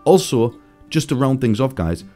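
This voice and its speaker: A man hosting a gaming video, speculating excitedly about game lore and talking straight to his viewers. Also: medium pitch, moderate pace, soft background music. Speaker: gaming channel host. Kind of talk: casual gaming theory commentary.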